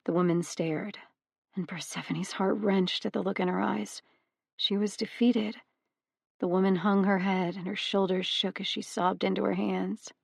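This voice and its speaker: A woman narrating an audiobook with measured, even storytelling. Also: lowish voice, gravelly, dry recording. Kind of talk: scripted narration.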